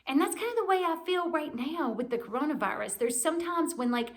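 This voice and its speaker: Woman in her 40s doing a church devotional, candid and reflective, soft encouraging tone. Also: high voice, lively intonation, brisk. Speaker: church speaker. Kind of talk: personal devotional talk.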